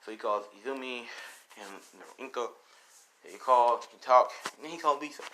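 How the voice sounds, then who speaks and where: A man's voice: mid-range voice, moderate pace, pushed and bright, poor audio. Young man rambling through a fan story. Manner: rambling, repeats 'and he's like'. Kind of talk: improvised fan-fiction storytelling.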